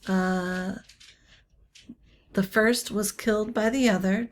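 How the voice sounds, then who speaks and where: A woman teaching literature in an unscripted lecture, halting often with ums and uhs and slipping in wry, offhand asides. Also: mid-range voice.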